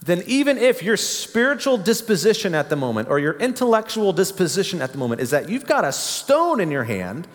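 A man preaching a sermon, slow and reflective, repeating his phrases for emphasis. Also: high-pitched, very animated. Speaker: pastor. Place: church building. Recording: long reverb of a church hall.

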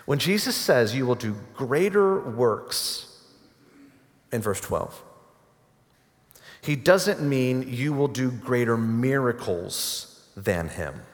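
A man preaching a sermon as a pastor, earnest, rising to emphatic peaks and dropping to soft asides. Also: medium pitch, animated, slow pace, in a large hall.

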